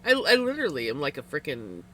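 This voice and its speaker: Lively, giggly woman streamer. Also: deep voice, fast talker, a little hiss or hum. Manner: laughs often, candid, rambling. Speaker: livestreamer. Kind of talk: casual chat with viewers while knitting.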